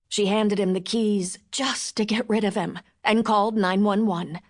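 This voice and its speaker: A woman narrating a novel in measured, expressive storytelling. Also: medium pitch. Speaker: audiobook narrator. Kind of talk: scripted audiobook narration.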